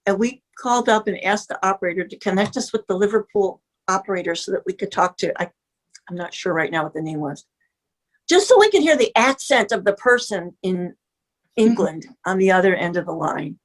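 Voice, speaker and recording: An older woman in her seventies from the Midwest, reminiscing as an interview guest. Her voice swoops lively up and down as she gushes about the past, trailing off and restarting her sentences, all at a medium pitch. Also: brisk. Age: 70s. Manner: animated, gushing, breaks off mid-sentence. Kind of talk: casual reminiscing chat.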